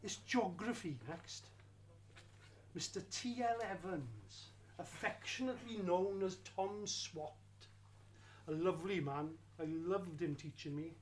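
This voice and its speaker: Male storyteller, unhurried and wry, lively delivery. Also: high-pitched, slight background noise. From Wales. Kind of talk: first-person storytelling performance.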